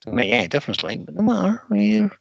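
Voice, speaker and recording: A man's voice: sits high, very animated, fast, gravelly, lo-fi sound. A man hosting a live woodturning stream from his workshop, chatting casually and reading viewer comments aloud. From United Kingdom. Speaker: woodturning livestream host.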